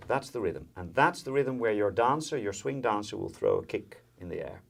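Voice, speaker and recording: Low-voiced man teaching violin. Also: animated, moderate pace, creaky, hardly any pauses. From Netherlands. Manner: explanatory, with frequent fillers and counting in. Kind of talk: instructional music lesson. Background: violin and guitar playing.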